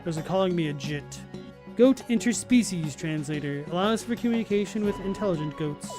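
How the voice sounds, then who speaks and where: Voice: mid-range voice, lively intonation, a little fast, over music. A streamer giving casual, joking commentary while playing a game and talking to chat viewers.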